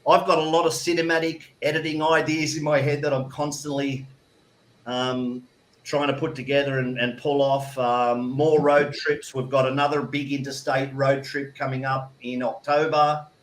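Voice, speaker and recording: A man's voice: medium pitch, level tone, moderate pace. A man in his fifties with an Australian accent, chatting as a guest in a rambling way with many restarts. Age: 50s. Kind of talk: casual chat. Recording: echoey room.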